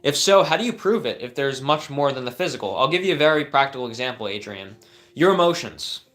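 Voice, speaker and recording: A man's voice: medium pitch, animated, quick pace, a bit bright. A young man hosting a live stream, answering viewer questions with earnest coaching advice and frequent fillers and restarts.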